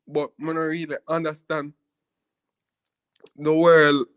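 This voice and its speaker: A man's voice: on the high side, level tone, takes it slowly, fairly bright tone, smooth, no room sound. A man tells a personal story in a rambling, casual way, often asking "you see me" and laughing as he goes. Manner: frequent laughs and restarts while telling.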